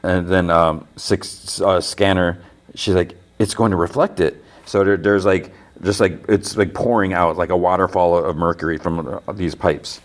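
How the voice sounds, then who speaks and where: Brief: low-voiced male host, loose chatty recap, stumbles and restarts. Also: steady tone, moderate pace. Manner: rambling retelling, "he's like" quoting, many restarts. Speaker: podcast host. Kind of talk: casual TV episode recap.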